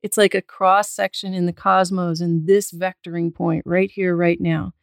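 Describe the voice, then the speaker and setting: A woman speaking as a guest medical intuitive in a casual podcast conversation, calm and explanatory, with a spiritual bent. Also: on the low side, normal speed, gravelly, no echo, studio quality.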